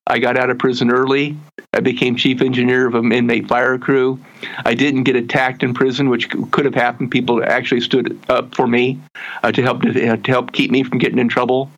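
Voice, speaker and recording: A man, a guest in an interview, telling his life story earnestly and haltingly, with frequent restarts and slowing down to stress his message. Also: medium pitch, flat delivery, muffled recording.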